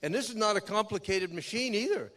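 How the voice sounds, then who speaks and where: An older man giving a keynote speech, telling a dramatic personal story in a folksy way that swings from loud to hushed. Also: high voice, expressive, fairly quick. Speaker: keynote speaker. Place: outdoor memorial event.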